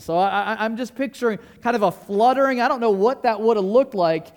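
A man's voice: sits high, brisk, few pauses. A male pastor preaching a sermon to his congregation in a casual, enthusiastic way, often asking the listeners questions. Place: church service.

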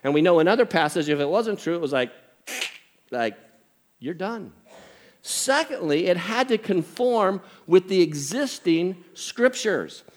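Lively high-voiced man preaching. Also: unhurried. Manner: animated storytelling with jokes and scripture reading. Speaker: pastor. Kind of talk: sermon.

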